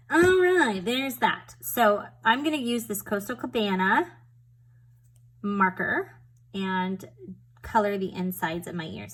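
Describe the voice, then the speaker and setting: A woman's voice: medium pitch, a bit bright, poor audio. A woman chatting and rambling through a papercraft tutorial at home, joking at her own expense as she works. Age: adult with a school-age daughter. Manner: chatty, rambling, self-deprecating. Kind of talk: casual crafting demonstration.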